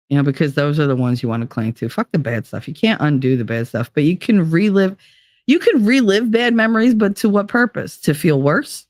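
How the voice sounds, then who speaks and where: A woman hosting a live stream, chatting casually and reading out viewer comments in a blunt, profane way, her pitch swinging up and down. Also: dry recording.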